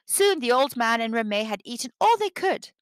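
A woman reading a children's picture book aloud, with expressive storytelling. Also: a little high, moderate pace, clear, resonant tone, no echo. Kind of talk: children's read-aloud narration.

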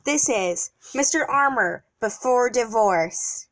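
Woman narrator for a homemade story: matter-of-fact, high, slow. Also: animated, fairly bright tone.

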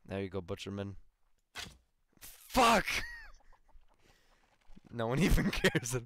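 A young man playing a video game and reacting out loud, swearing, laughing and taunting the enemies. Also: medium pitch, huge pitch swings, very slow, pauses often. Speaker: gaming YouTuber. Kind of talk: excitable let's play commentary.

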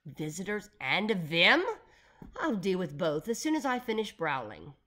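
A loud, playful billionaire man, put on by a woman reading a children's storybook. He talks in a raised, bouncy voice that jumps up high and tosses out puns. The man is eccentric and cheerful. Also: big pitch swings, moderate pace, exaggerated voice.

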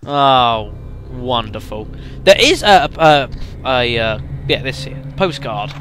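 A man giving casual, chatty let's play commentary, speaking to viewers as folks with lots of halting fillers. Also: mid-range voice, very animated, a bit bright, a little hiss or hum.

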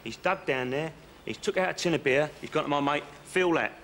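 A man's voice: on the high side, fairly quick, vocal fry, fairly bright tone, a little hiss or hum. A man telling a joke in a rambling, chatty way, correcting himself as he goes. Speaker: comedian. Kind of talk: comic joke-telling monologue.

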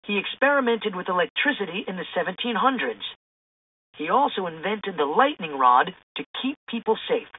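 A woman reading a children's storybook aloud in an expressive, lively way. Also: mid-range voice, moderate pace, breathy edge. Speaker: storybook reader. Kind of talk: children's book read-aloud. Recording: tinny phone-like sound.

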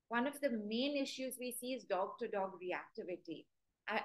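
A woman's voice: mid-range voice, poor audio. A woman giving a live webinar lesson as a dog trainer, chatty and quizzing her viewers. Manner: chatty, asks the audience direct questions; acts out stern and sweet commands to dogs.

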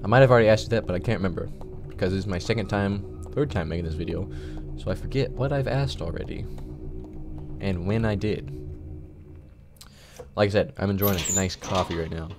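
Low-voiced swearing gaming commentator. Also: male voice, a little fast, over music. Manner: swears a lot, frustrated muttering at the game. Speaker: gaming channel host. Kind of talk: casual gameplay commentary. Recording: keyboard and mouse clicks behind.

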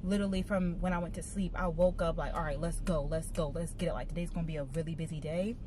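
A young woman in her twenties vlogging casually to her phone camera while driving, talking fast and chatty in slangy, excitable bursts. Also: low voice, music in the background. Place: in a car while driving, then outdoors in a parking lot.

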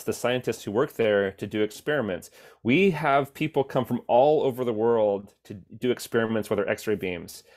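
A man with a fairly low voice explains his lab work in a relaxed, plain way for families. He pauses often with ums, and his voice comes through a video call. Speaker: beamline scientist giving a virtual tour. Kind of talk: casual explanatory talk.

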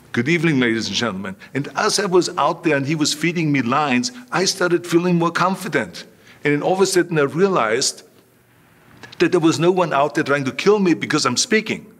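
Older man telling lively stories. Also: on the high side. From Austria. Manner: animated anecdotes, acts out quoted voices. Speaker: interview guest. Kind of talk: storytelling in a relaxed interview.

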